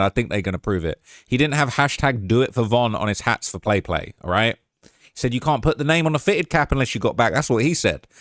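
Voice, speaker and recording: A young man hosting a casual reaction commentary, reading viewer comments aloud in an animated way and often tagging lines with "all right?". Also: on the low side, dry recording, clean studio sound. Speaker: commentary channel host.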